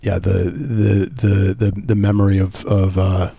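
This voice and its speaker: A man with a low, dark voice and a husky texture, recorded dry and close. He co-hosts a comedy podcast, and plays along deadpan with frequent stammering restarts. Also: measured pace, no echo. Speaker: podcast co-host. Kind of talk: casual comedic banter.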